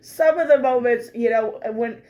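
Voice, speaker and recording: A woman co-hosting a podcast, animatedly recapping a tabletop game, laughing often and swearing casually, her voice a little hoarse from laughter. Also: a little high, normal speed, mellow.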